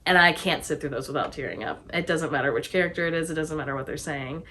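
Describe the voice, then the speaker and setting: Bright-voiced, chatty young woman co-host. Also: sits low, fast talker. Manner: chatty, sentimental, laughs easily. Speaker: co-host reading viewer questions. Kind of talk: casual chat Q&A.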